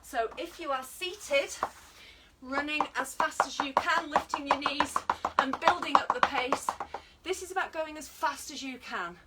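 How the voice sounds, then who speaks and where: A woman's voice: sits high, unhurried, recorded from a distance, heavy background noise. A British woman leading an online exercise class, encouraging and counting down while working out herself and getting out of breath. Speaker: fitness instructor.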